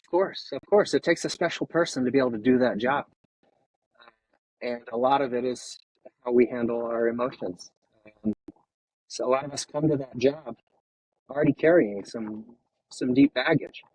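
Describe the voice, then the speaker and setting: A man in his fifties, a retired firefighter, speaking candidly and emotionally in an interview, with halting pauses and restarts over a video call. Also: mid-range voice, very animated, a little mellow, slight background noise, low-quality recording.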